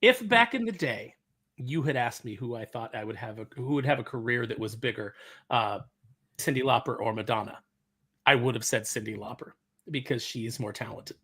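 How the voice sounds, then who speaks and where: A man's voice: mid-range voice, moderate pace, sharp tone, husky. A man in a casual pop culture chat, telling anecdotes and giving firm opinions. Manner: storytelling, opinionated. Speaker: podcast co-host.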